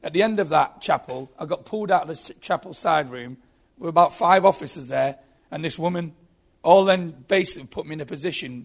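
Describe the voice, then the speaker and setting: A man's voice: a little high, a little fast, creaky, breathy edge. A man telling his own story as a Christian testimony, earnest and often repeating his words. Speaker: former prisoner giving testimony.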